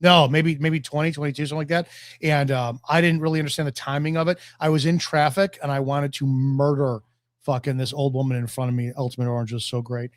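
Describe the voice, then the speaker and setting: A man's voice: medium pitch, little pitch movement, fast talker, no room sound, clean studio sound. A man in his forties, a podcast guest telling blunt, profane stories in casual chat.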